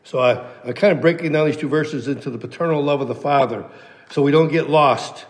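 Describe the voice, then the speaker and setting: A man's voice: a little high, a little fast. Emphatic male preacher in a reverberant hall. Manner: emphatic, teacherly, repeats key phrases. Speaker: pastor. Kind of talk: expository sermon.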